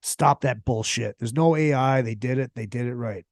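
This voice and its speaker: This podcast host delivers a casual solo rant packed with swearing and strong opinions, speaking emphatically. He has a creaky, mid-range voice at normal speed, captured in a studio-quality recording without room sound.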